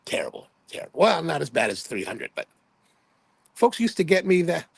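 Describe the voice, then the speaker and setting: A man's voice: on the high side, wildly swooping pitch, normal speed, creaky, breathy edge, dry recording. A man in his fifties from Hawaii, hosting a livestream and telling rambling, chatty anecdotes in which he quotes himself playfully. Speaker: livestream host. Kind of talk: casual livestream storytelling.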